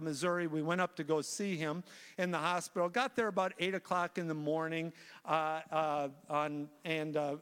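Male preacher, high-pitched, animated storyteller full of restarts, in a reverberant church sanctuary. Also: clean tone. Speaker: guest preacher. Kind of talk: sermon.

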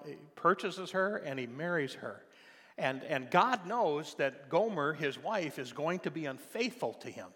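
An older man preaching a sermon, telling a family story in a conversational way and then rising to loud, impassioned preaching. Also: medium pitch. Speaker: pastor. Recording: long hall reverb.

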